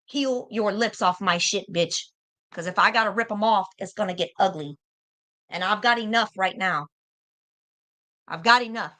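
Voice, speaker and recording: A woman's voice: medium pitch, moderate pace, pauses often, sharp tone. A young American woman arguing heatedly on a livestream, confrontational and profane, hammering her points by repeating them. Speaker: livestream guest.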